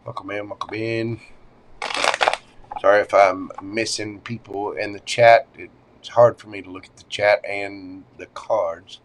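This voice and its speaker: Man, tarot livestream host, chatty and animated, uses pet names, voice swings between high and low. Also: a little slow, a little hiss or hum. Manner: animated, swings up and down in pitch and loudness. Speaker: tarot reader hosting a livestream. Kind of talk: casual livestream tarot reading.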